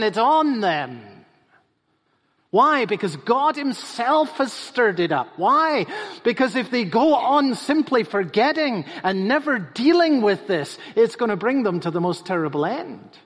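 A man's voice: high voice, fairly bright tone. A man preaching a sermon as pastor, emphatic and repeating phrases for stress. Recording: reverberant hall.

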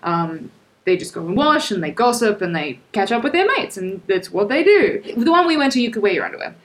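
A woman's voice: medium pitch, very animated, brisk. A young woman co-hosting a casual travel podcast, friendly and chatty with an easy giggle, recorded outdoors. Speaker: podcast co-host. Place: outdoors at a seaside fort.

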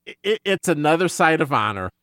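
A man hosting a casual book discussion podcast, animated and tripping over his words. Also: a little high, a little fast, dry recording. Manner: animated, stumbling restarts. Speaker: podcast host.

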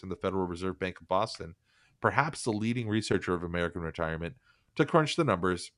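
Man, very low voice, dry close sound, casual profane podcast chat, sardonic rambling. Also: a bit bright, no room sound.

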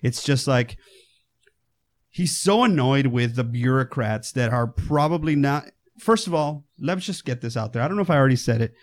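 Animated man chatting about a film. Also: mid-range voice, moderate pace. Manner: animated, swearing, acts out quotes. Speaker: podcast co-host. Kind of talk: casual film discussion.

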